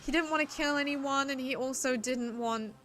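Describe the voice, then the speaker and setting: A woman's voice: high-pitched, normal speed, a bit bright, faint music behind. A young woman streaming a game, reacting emotionally, swearing freely and repeating herself. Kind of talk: casual live game reaction.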